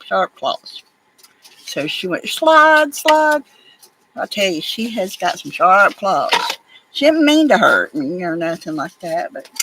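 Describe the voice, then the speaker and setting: A woman's voice: medium pitch, noisy background. A woman, chatting casually and rambling as she works on crafts at home, now and then talking to her pets. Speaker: crafting vlogger. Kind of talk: casual chat while crafting.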